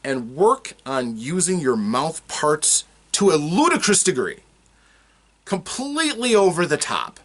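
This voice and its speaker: A man with a Midwestern American accent, a tabletop game tutor explaining voice technique in an animated, demonstrative way. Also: on the high side, unhurried. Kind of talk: instructional talk to camera.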